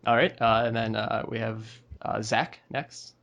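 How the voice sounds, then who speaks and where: A man's voice: lowish voice, steady tone, measured pace, vocal fry, a bit bright, highs cut off. A man hosting a casual podcast chat, easygoing and hesitant, with many filler words. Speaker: podcast host.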